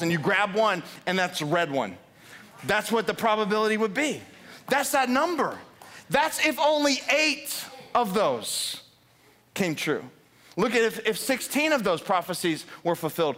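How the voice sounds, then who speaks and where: High-voiced fired-up pastor preaching. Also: male voice. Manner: energetic, builds to fired-up emphasis, asks the congregation questions. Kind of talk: sermon. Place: church sanctuary.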